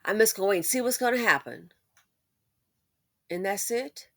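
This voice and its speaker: A woman's voice: mid-range voice, animated, moderate pace, dry recording. A woman hosting a commentary monologue, emphatic and preachy, repeating her points for force. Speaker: commentary channel host.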